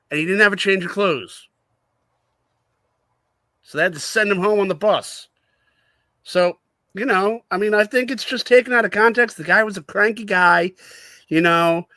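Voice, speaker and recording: A man's voice: high-pitched, sharp tone, no room sound. A man co-hosting a sports podcast in casual chat, sarcastic and mocking, slipping into whiny put-on voices. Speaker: podcast co-host.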